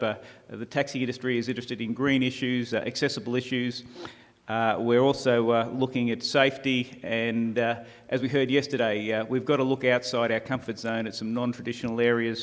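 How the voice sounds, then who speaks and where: Australian man presenting in a reverberant hall. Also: mid-range voice. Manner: dry self-deprecating humour, many "uh" fillers. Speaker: conference speaker. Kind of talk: conference presentation. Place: conference hall.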